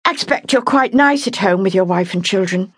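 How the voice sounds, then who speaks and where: Woman doing a chatty young nurse in an audiobook, blunt and cheerful, lively lilt. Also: mid-range voice, fairly quick, husky, no echo, studio quality, voice pushed up. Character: young female night nurse, frank and chatty.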